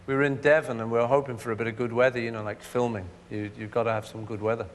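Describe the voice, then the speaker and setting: Man, chat show guest, casual, jokey, mid pitch, reverberant studio. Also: level tone, rapid-fire. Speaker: guest musician. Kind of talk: television chat show interview. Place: television studio.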